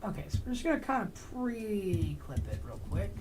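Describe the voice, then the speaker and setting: A woman's voice: medium pitch, lively intonation, moderate pace, very noisy. A woman hosting a livestream, chatting in a rambling, joking, profane way. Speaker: livestream host. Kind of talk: casual rambling chat.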